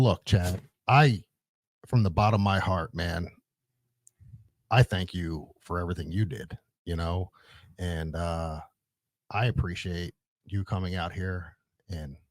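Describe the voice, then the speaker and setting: A man hosting a casual podcast interview, talking in a warm, affectionate, brotherly way. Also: low voice, no echo. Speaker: podcast host.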